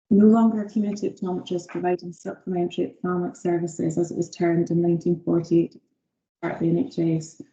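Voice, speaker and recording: A woman's voice: lowish voice, dark tone. A woman giving a formal presentation as optometry lead to a health board, reading prepared text with some fillers. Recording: echoey dull video call audio.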